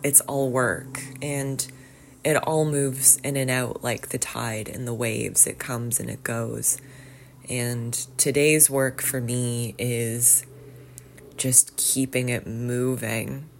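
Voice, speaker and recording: Woman with a really low voice, reads poems real slow and thinks out loud between them. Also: steady tone, slight background noise. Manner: unhurried, reflective, conversational. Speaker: podcast host reading poems. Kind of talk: poetry reading with reflective commentary.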